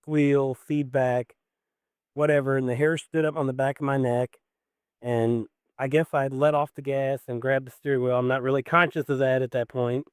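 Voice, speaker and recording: A man's voice: mid-range voice, level tone, normal speed, smooth, dry recording, clean studio sound. A man calling a late-night radio show, telling a long personal story in a rambling way, full of "like" and "you know". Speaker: caller. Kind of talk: emotional call-in storytelling.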